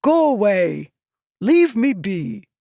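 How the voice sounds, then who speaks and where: A woman doing a touchy, grumbling male scholar of noble rank, pitched above her own voice with an odd, altered tone. He clips his words with a rustic edge and talks slowly. The recording is close and dry. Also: sing-song, creaky, dark tone, no echo, heavily acted. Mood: irritable. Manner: clips 'the' to 't'', a rustic way of speaking. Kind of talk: audiobook character voice.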